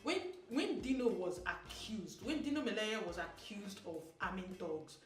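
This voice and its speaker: A Nigerian woman giving sassy, animated opinion commentary as a vlogger, slipping into Pidgin. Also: mid-range voice, unhurried. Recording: roomy echo, mic at a distance, soft music.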